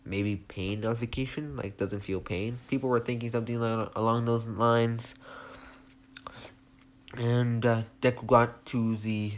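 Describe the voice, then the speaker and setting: A man's voice: mid-range voice, fairly even intonation, measured pace. A young man casually retelling a fan story, rambling and hesitant with many restarts.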